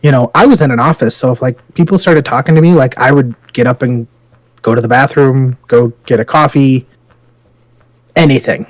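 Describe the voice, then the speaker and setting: A man co-hosts a podcast, chatting casually and telling stories full of profanity and frequent laughter. His voice is mid-range at normal speed, with no room sound and poor audio quality.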